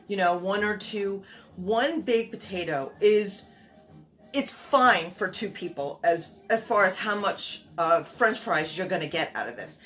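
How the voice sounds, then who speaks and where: A woman's voice: medium pitch, a bit bright. An older woman hosting a home cooking show, chatting casually and rambling a bit as she walks through a recipe. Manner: chatty, homey, rambling with fillers.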